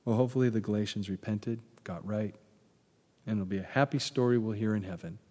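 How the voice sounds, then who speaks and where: A man pastor preaching a sermon, animated and emphatic, then dropping into soft prayer. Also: on the low side, brisk. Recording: long hall reverb.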